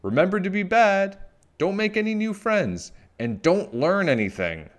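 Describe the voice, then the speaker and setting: A man's voice: sits high, very animated, normal speed, voice pushed up. A man voicing a mean, bossy mother witch who screeches and scolds. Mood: scolding.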